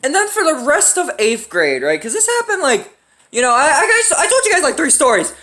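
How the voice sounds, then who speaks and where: A woman's voice: high-pitched, sing-song, a little fast, pushed and bright. A young adult woman hosting a storytime channel, telling a story in a casual, profane way and laughing often.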